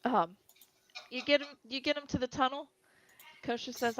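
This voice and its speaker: A woman's voice: sits high, normal speed, slight background noise. A woman narrating as game master of a tabletop game, hesitant with many fillers, on a dry lo-fi recording.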